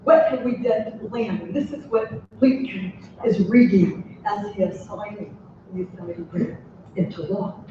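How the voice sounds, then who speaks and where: A man's voice: high-pitched, moderate pace, warm tone, a little hiss or hum. A man giving a conference lecture, reciting poetry dramatically with rising emphasis. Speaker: conference speaker. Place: large lecture hall. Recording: echoey hall, distant mic, dull sound.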